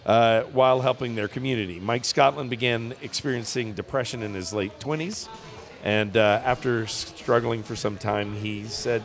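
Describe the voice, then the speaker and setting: A man's voice: mid-range voice, normal speed. A man co-hosting a casual comedy podcast, reading out a news story and joking along the way with lots of fillers.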